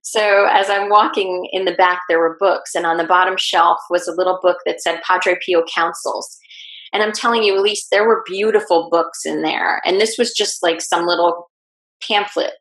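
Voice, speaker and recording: A woman guest telling a personal story in an interview, lively and acting out what people said. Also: lowish voice, moderate pace. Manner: animated, acts out quoted speech. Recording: roomy echo.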